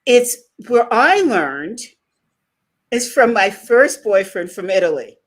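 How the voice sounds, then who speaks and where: Animated woman host with lively pitch. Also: slow. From United States. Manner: animated storyteller, laughs often. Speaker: podcast host. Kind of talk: conversational interview.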